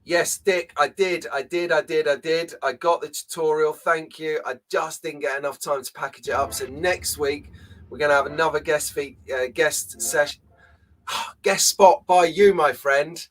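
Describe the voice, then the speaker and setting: A man's voice: fairly high pitch, fairly even intonation, normal speed. A man hosting a casual live stream from a small home room, chatty and jokey, greeting viewers by name. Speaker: host.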